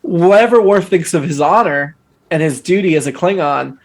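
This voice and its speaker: A man's voice: a little high, moderate pace. A man co-hosting a casual podcast discussion, talking animatedly and arguing his point firmly. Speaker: podcast co-host.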